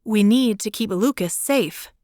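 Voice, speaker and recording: A woman narrator voicing a frightened young woman in an audiobook, pleading in a high, tearful voice. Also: unhurried, warm tone, dry recording, clean studio sound, lightly acted. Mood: worried. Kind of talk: audiobook character reading.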